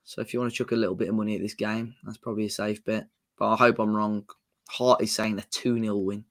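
A man's voice: fairly low pitch, flat delivery, fast. A man co-hosting a casual football chat, giving his opinions. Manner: casual, says mate, gives opinions. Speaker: podcast co-host.

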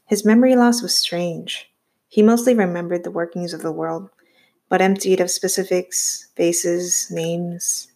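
Lady reading a book out loud, kinda creaky voice, steady pace. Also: on the low side, unhurried. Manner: steady storytelling. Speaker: audiobook reader. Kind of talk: reading a novel aloud.

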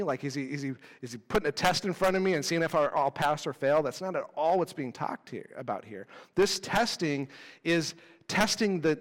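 A man in his thirties preaching a casual, animated sermon with self-deprecating asides. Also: on the high side, in a large hall. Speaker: pastor. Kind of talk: conversational sermon.

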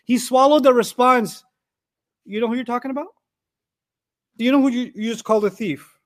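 Brisk and very high-pitched, a New Yorker leads a Quran lesson full of personal storytelling, acting out conversations in a lively, casual manner. The studio-quality recording has no echo.

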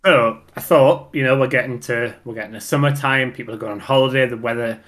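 A man's voice: medium pitch, fast, fairly bright tone. Chatty Geordie man explaining facts. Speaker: podcast co-host. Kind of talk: casual chat.

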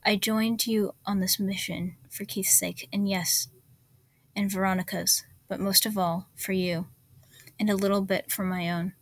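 A woman's voice: little pitch movement, unhurried, no room sound. Reader doing a blunt warrior woman, firm and urgent, in a close, dry storybook read. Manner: firm, low and urgent, hissing.

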